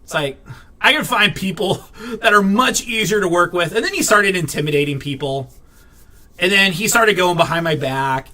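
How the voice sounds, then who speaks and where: A man talks straight to camera in a loose, rambling vlog, tripping over fillers and restarting his sentences. His voice sits fairly high and sounds bright and tense, and he comes across blunt and irritated, with the odd swear. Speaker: vlogger. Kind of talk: casual venting to camera.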